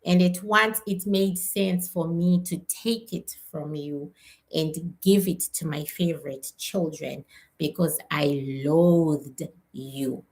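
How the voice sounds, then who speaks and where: A woman's voice: low voice, slow pace, a little mellow. A woman voicing a bitter mother's spirit. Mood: bitter confession.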